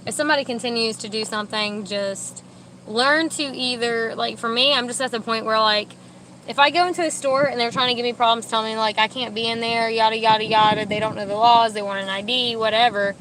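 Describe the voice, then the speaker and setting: A young woman chatting casually from a parked car, rambling, talking in a high baby voice to her dogs between asides. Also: pushed and bright, a little hiss or hum, rough recording. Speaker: vlogger with service dogs. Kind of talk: casual chat.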